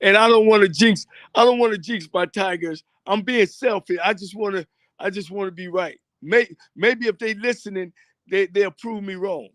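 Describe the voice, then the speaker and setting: Male coach on a video call, dry close sound, slightly high, laid-back short answers. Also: moderate pace, fairly bright tone, no room sound. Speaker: football coach, guest. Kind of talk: casual sports chat.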